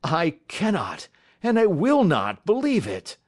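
A man's voice: on the high side, lively intonation, measured pace, pitched above the performer's own voice. A man voicing an agitated, distraught banker. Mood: disbelieving. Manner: agitated, pleading, bursts of emotion. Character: distraught middle-aged male banker, excitable. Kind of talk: audiobook character reading.

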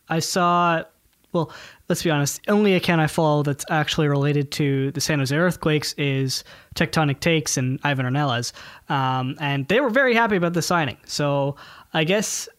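A man's voice: fairly high pitch, moderate pace, a bit bright, no echo, clean studio sound. A man co-hosting a casual sports podcast, joking, rambling and poking fun at himself. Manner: joking, self-mocking and rambling. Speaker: podcast co-host. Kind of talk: casual chat.

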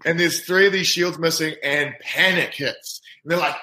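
A man spins a rowdy rugby yarn in a lively, laughing way. His voice sits a touch high for a man, and it rings around an echoey room. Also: moderate pace. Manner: animated, laughing anecdote teller. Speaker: rugby player guest. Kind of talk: casual storytelling.

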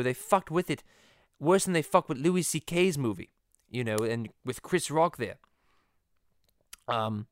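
A man with a Boston accent hosting a rambling comedy podcast, crude, giggly and easily excited. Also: on the high side, dry recording, clean studio sound.

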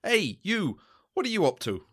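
A man's voice: sits high, sing-song, normal speed, slightly rough, heavily acted. A man reading as a plain-spoken, loyal hobbit servant in a fan reading, in an apologetic, homely manner. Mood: earnest.

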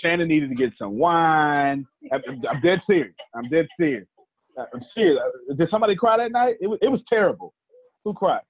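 A man hosting a live teaching session. He tells stories in a colloquial, animated way and calls on listeners by name. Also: a little high, a little fast, dry recording. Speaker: teacher and host. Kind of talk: live teaching talk with storytelling. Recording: tinny phone-like dry line.

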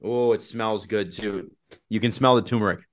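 A man hosting a casual chat while tasting hot sauce, whooping loudly at the heat, his nose running. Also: fairly low pitch, fairly even intonation, moderate pace. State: nose running from spicy food. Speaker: host.

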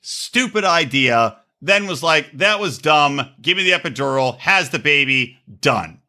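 Bright, lively-voiced man riffing. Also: fairly high pitch, a little slow. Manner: profane, animated storyteller who acts out voices. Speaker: podcast co-host. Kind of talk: casual comedic chat.

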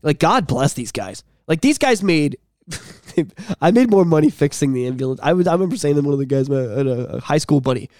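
A man's voice: a little high, expressive, fast talker, dark tone, no echo, studio quality. A man co-hosting a podcast in casual chat, a profane storyteller who acts out the voices of people in his stories. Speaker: podcast co-host.

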